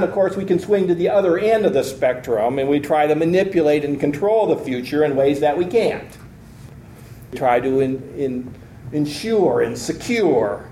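A man's voice: fairly high pitch, mellow, a little hiss or hum. A man teaching a Bible lesson in an earnest, step-by-step lecture manner, reading scripture aloud and explaining it. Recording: echoey room recording.

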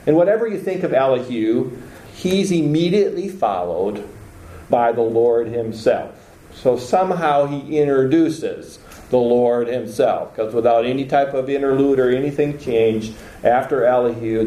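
A man with a mellow, warm voice teaches an informal Bible lecture. He talks conversationally and lifts his voice to act out quoted lines. The recording sounds roomy, with clear echo. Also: mid-range voice. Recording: echoey room.

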